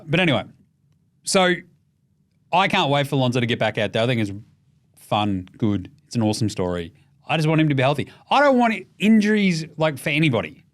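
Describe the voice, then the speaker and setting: Aussie male podcast host, animated pitch, slightly high voice, foul-mouthed and jokey. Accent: Australian. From Australia. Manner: animated, profane, jokey, bursts into shouts. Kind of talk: casual sweary basketball chat.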